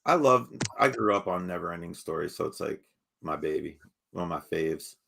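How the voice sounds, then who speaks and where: Rambling and relaxed, a male podcast co-host keeps dropping fillers such as "you know what I mean" as he chats casually. He has a deep, gravelly, fairly bright voice with lively intonation and a moderate pace, and there's slight background noise.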